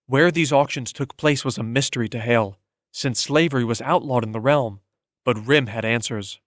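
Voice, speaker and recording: A male narrator reads an audiobook in a steady, measured way. His voice sits in a middle pitch. The recording is dry and close, with no room sound. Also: dry recording. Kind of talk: scripted narration.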